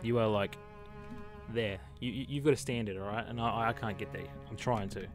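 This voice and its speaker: A man's voice: fairly low pitch, brisk, over music. A man streaming a shooter game, chatting casually with his viewers and calling them mate. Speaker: live streamer. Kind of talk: casual gameplay commentary talking to chat. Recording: loud game gunfire behind voice. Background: battle gunfire and vehicles.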